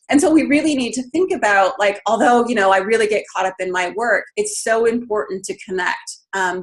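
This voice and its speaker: A woman giving an informal webinar talk, who says "um" and "you know" a lot as she explains. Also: medium pitch. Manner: casual, many ums and you-knows. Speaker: webinar presenter.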